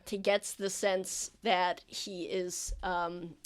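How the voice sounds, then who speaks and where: A woman's voice: fairly low pitch, little pitch movement, extremely slow. A woman running a tabletop game as game master, narrating in a rambling, playful way with many fillers.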